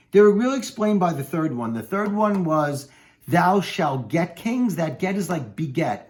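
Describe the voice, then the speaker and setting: A man teaching a classic play in a relaxed lesson. His voice sits somewhat high and moves around a lot in pitch. He paraphrases the lines plainly, with the odd "uh" along the way. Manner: conversational, explanatory, with uh fillers. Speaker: literature teacher. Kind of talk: explaining a play line by line.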